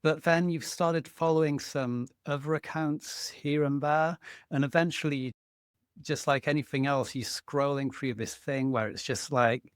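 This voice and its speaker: A man's voice: medium pitch, no echo, clean studio sound. A man co-hosting a casual podcast conversation. He is reflective and thinks aloud, using fillers as he goes. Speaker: podcast co-host.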